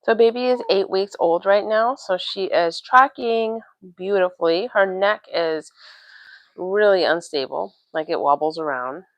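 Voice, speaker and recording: A woman's voice: medium pitch, measured pace, no echo, low-quality recording. A young woman vlogging from home in a casual livestream, chatting about parenting with lots of "like" fillers. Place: home, doing chores. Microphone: livestream mic.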